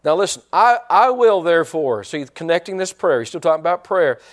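A man's voice: a little high, very animated, brisk. Folksy preacher man. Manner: folksy, joking, with many restarts. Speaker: pastor. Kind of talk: sermon.

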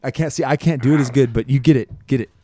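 A man's voice: mid-range voice, quick pace, dark tone, no room sound, studio quality. A man co-hosting a casual podcast, teasing his friend and swearing a lot. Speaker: podcast co-host. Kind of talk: casual chat.

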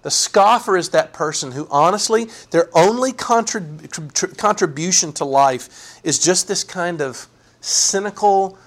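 A man preaching a sermon, animated and folksy, acting out sarcastic quotes. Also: high voice, measured pace. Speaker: pastor.

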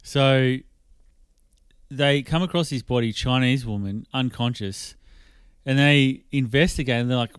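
A man's voice: medium pitch, measured pace, clean tone, dry recording, studio quality. An Australian man co-hosting a casual podcast, crude and joking as he rambles through stories. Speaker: podcast co-host.

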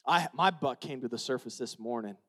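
A man preaching a sermon as pastor, swinging from shouted retellings to quiet, confiding asides. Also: medium pitch, brisk.

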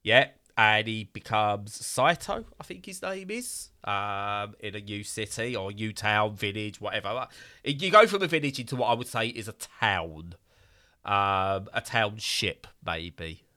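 A man's voice: lowish voice, lively intonation, a little slow, pushed and bright. A man casually reviewing a game in a podcast chat, rambling with fillers and bursts of exasperation.

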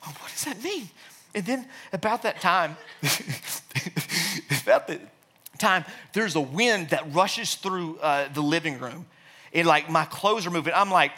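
A man giving an earnest, emotional personal testimony in a sermon-like talk, at times dropping to a hushed, soft voice, with frequent restarts. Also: high-pitched, lively intonation, normal speed. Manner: hushed, soft-spoken in quiet passages.

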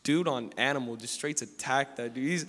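Male preacher, reads scripture then riffs casually, lots of restarts; mid-pitched, long reverb from a church hall. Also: a little fast, fairly bright tone. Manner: casual and slangy, frequent restarts. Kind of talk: sermon, scripture reading with casual commentary.

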